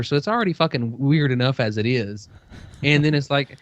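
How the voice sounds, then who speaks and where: A man's voice: mid-range voice, fairly quick, dry recording. A man in casual podcast chat, telling a long story with plenty of "you know" and "uh". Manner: rambling storytelling, many fillers. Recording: dull dry lo-fi sound.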